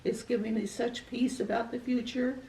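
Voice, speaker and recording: An older woman telling a personal story of faith in a gentle, earnest, reflective way. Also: a little high, little pitch movement, moderate pace, vocal fry. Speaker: guest sharing a personal testimony. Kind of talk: heartfelt storytelling testimony. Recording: echoey room, voice from far off the mic.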